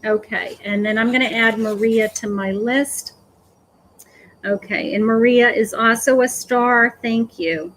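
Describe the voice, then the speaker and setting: A woman psychic medium giving a live-streamed reading, gentle and hesitant, filling pauses with "okay" and "um". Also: fairly high pitch, fairly even intonation, slight background noise, rough recording. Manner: slow, hesitant, full of "okay" and "um".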